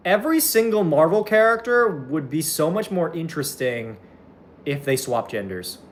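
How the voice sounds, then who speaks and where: A young man chatting casually on a live stream, reading out viewer comments and rambling excitably between topics with lots of swearing. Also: medium pitch, a little hiss or hum.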